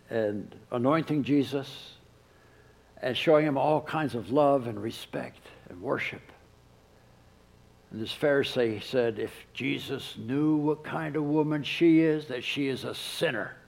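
A man preaching a sermon, who drops to a soft hush when he quotes. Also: medium pitch, low-quality recording. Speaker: pastor.

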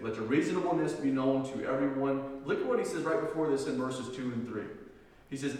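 Male pastor, sermon, slow emphatic scripture reading, conversational asides, echoey church hall, voice picked up from a distance. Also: medium pitch. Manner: reads scripture slowly with emphasis, explains in relaxed conversational asides.

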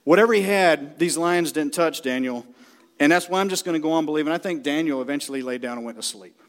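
A middle-aged man preaching a sermon, shouting and emphatic, acting out the people in the story. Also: fairly high pitch, fast talker. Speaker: pastor.

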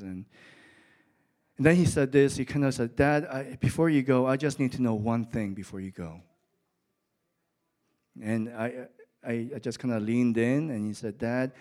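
A man's voice: mid-range voice, dark tone. A middle-aged man preaching a sermon in church, telling a story that rises to emphatic peaks. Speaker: pastor. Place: church with an audience.

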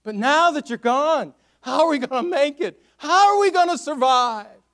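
A man's voice: extremely high pitch, lively intonation, normal speed, fairly bright tone, voice pushed up, exaggerated voice. A man voicing a grieving young male prophet who cries out to his departed mentor in a raised, pleading, anguished voice.

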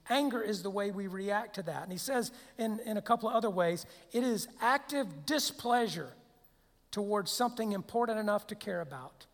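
A man's voice: sits high, lively intonation, a little fast. A man preaching a sermon as pastor, conversational, with rhetorical questions and frequent restarts. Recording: long hall reverb.

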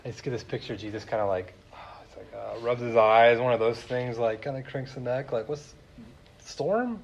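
A man's voice: medium pitch, flat delivery, fairly quick, gravelly, dull audio, a little hiss or hum. A man preaching a sermon, retelling a story in a casual, chatty way with many fillers. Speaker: pastor.

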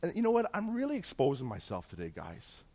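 A middle-aged man from Canada, telling a personal testimony as a story and acting out the dialogue with jumps in pitch and loudness. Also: wildly swooping pitch, fast. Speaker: speaker sharing a personal testimony.

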